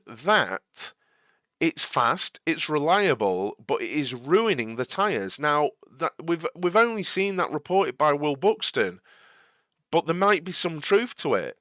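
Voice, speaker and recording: A man's voice: on the high side, fairly bright tone, no echo, studio quality. A young man hosting a live watch-along stream, answering viewer chat in an earnest, slightly exasperated way and often restarting his sentences. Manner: halting, many restarts and repeated words.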